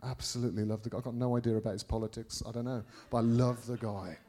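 A middle-aged Englishman preaching by telling a personal story, rambling with many restarts and sudden jumps in loudness. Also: mid-range voice, fairly even intonation, fast talker. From England. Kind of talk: anecdotal preaching to a congregation.

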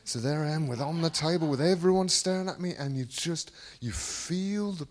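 A British man preaching a charismatic sermon, rambling and repeating phrases, dropping to low musing then breaking into sudden shouts. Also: normal speed, hardly any pauses. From Britain.

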